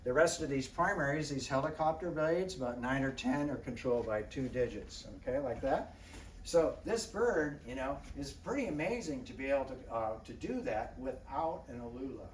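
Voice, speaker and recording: A man, a wildlife biologist, giving a lively illustrated talk to an audience, chatting, quizzing his listeners and often clearing his throat. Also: medium pitch, normal speed. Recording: roomy, distant mic, faint background noise.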